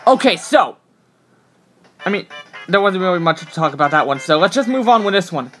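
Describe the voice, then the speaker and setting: A man's voice: high-pitched, expressive, brisk, a bit bright, faint music behind. Hesitant, apologetic young streamer man. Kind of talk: casual live stream chat.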